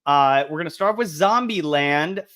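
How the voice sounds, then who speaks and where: High lively guy co-hosting, lots of uhs and ums. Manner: halting, filler-heavy delivery. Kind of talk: casual podcast chat.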